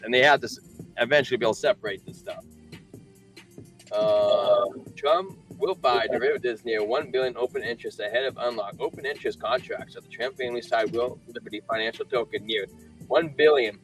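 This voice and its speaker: A man hosting a casual livestream in a middle-pitched voice. He talks loosely, chuckling and repeating himself as he makes a point. A faint bed of music plays beneath him. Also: low-quality recording. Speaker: co-host of a crypto livestream. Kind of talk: casual chat and reading news.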